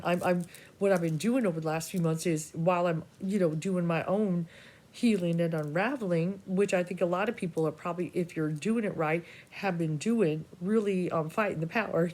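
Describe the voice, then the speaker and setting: In a slightly mellow, lowish voice, a woman who works as a psychic reader rambles to her viewers in a casual personal monologue. She swears freely and often starts her sentences over, drifting into asides.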